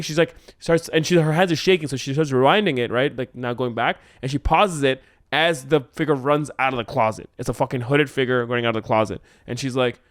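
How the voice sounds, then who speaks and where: A man with a mid-range voice rambles through a story pitch, stacking fillers and acting out little lines with swearing. The recording is close and dry. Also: no echo. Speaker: co-host writing a script. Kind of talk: casual brainstorming chat.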